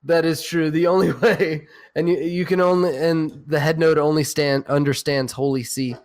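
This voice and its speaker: A man's voice: fairly high pitch, steady tone, normal speed, darkish tone. A man hosting a podcast in casual, profane chat, rambling and laughing often, while getting over food poisoning. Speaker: podcast host.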